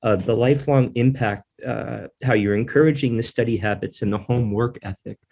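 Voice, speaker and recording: A man co-hosting a podcast, speaking in a halting, heartfelt way with many fillers. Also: medium pitch, creaky, a little mellow. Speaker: podcast co-host. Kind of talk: casual podcast chat.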